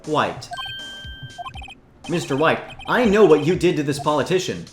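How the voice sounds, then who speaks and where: A man does a fan voicing of a game playthrough as an earnest young defense lawyer, direct, pressing and accusing, his delivery lively as it rises and falls. His voice is a little high and a little slow. The sound has a roomy echo, with game music underneath.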